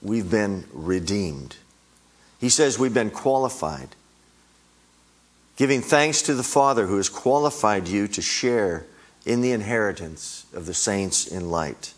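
Slow, low-voiced man preaching. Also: animated. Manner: emphatic, rising on repeated words. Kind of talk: sermon.

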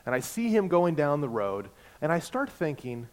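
A man, a pastor, preaching a sermon in a conversational storytelling manner, swinging between loud and soft. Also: fairly high pitch, sing-song, normal speed. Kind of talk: sermon with personal anecdote.

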